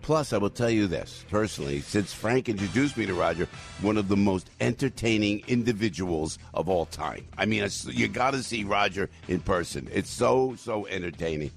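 Lively, low-voiced radio host. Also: male voice, normal speed, creaky. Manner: animated, jokey, sings snatches of songs. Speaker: radio talk show host. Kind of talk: casual radio chat.

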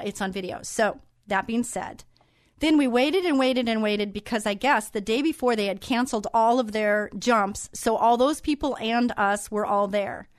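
A woman's voice: mid-range voice, dry recording. Woman host, chatty storyteller, mid voice, close and dry sound. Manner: chatty, animated retelling with quoted dialogue. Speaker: radio show host. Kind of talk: casual storytelling monologue.

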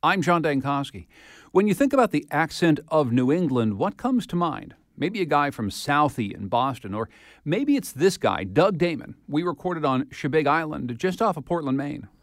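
A man hosting a public radio podcast, reading scripted segments and interviewing a guest in a measured, conversational way. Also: on the high side, big pitch swings, no room sound, clean studio sound.

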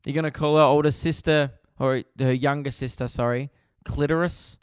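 In this comedic podcast monologue, an Australian man speaks at medium pitch and a moderate pace, his voice smooth and resonant. His ranting is lively, exasperated and full of profanity. There's no echo; the sound sits close and dry.

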